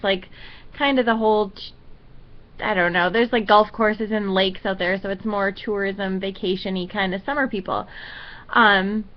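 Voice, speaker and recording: Chatty young woman, slightly muffled home video. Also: fairly high pitch. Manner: rambling, chatty storytelling with many fillers. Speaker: vlogger. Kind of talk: casual chat to camera.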